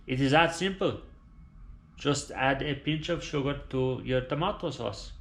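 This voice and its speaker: A man's voice: mid-range voice, measured pace, fairly bright tone. A man voicing a dying father who speaks in a grave, mock-solemn way. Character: dramatic dying Italian-American father. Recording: roomy echoing room.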